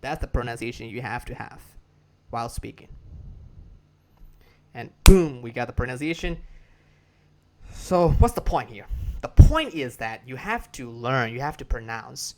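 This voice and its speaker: A man's voice: mid-range voice, expressive, measured pace, long pauses, darkish tone, slight background noise. A man with a Burmese accent giving a casual spoken English lesson, repeating and restarting phrases and drilling words for listeners to copy. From Myanmar. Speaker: English teacher.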